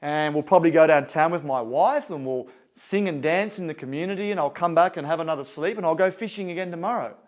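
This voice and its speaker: Man as easygoing fisherman, soft, unhurried. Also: a little high, close to an everyday voice. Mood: content. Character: relaxed, contented male fisherman.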